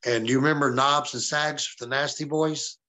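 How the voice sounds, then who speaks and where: A man's voice: mid-range voice, steady tone, normal speed, sharp tone. A man from the American South, a wrestling guest on an interview show, telling stories casually and profanely and acting out the people he quotes.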